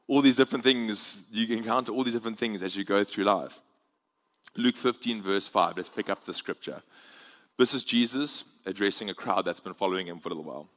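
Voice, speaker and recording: Low-voiced man preaching in a reverberant hall. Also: brisk. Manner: chatty, jokey, animated swings in loudness. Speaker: guest preacher. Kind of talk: sermon. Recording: live church hall with long reverb.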